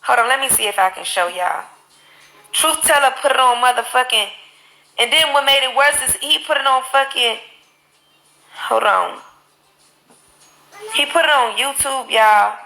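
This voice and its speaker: A woman live streaming, telling her stories in an animated, profane way into a phone mic. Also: high-pitched, unhurried, vocal fry, pauses often, low-quality recording. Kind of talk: casual live-stream chat.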